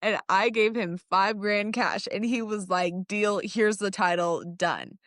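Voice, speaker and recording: A woman's voice: medium pitch, a little slow, dry recording, studio quality. A young adult woman telling a story in casual chat, laughing often and acting out what people said. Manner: animated, laughs often, acts out quotes. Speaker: podcast guest.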